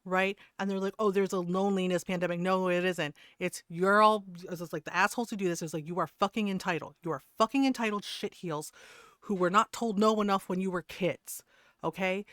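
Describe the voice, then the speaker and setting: A woman's voice: lowish voice, steady tone, a little fast, fairly bright tone, no echo, clean studio sound. A woman streamer ranting to her chat in a heated, profane way, laughing between points. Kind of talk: casual rant to stream chat.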